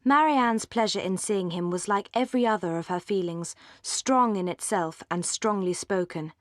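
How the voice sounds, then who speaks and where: Audiobook narrator, woman, mid pitch, measured and articulate, dry close sound. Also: no echo. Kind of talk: scripted narration.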